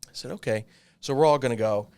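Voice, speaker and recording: A man in his thirties telling a long personal story in casual chat, animated and swearing freely. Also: medium pitch, fast, creaky, smooth. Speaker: podcast co-host.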